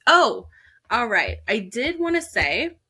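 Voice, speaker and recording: A woman's voice: on the high side, big pitch swings, takes it slowly, bright, forceful tone, breathy edge. A woman co-hosting a casual podcast, chatty and giggly, often stopping herself mid-sentence. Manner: giggly, chatty, self-interrupting. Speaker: podcast co-host.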